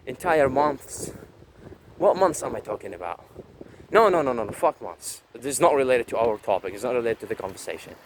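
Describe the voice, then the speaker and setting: A man's voice: medium pitch, animated, brisk, a little hiss or hum, poor audio. A man vlogging while walking along a street outdoors, ranting in a brash, profane, boastful way. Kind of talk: walking vlog rant.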